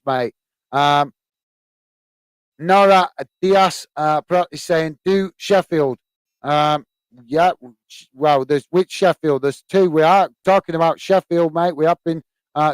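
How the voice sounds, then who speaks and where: A British man hosts a casual football live stream, reading viewers' chat messages aloud. He talks in a halting way, full of "uh" and "um", and calls everyone "mate". His voice is smooth and a bit high, recorded dry and close. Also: no echo.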